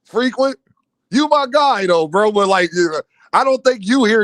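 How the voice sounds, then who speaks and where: A male livestream host with a strikingly high voice roasts his chat in unhurried banter. He teases, laughs often and takes his time. The sound is dry and close. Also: lively intonation, a bit bright, no echo. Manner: teasing, trash-talking, laughing often.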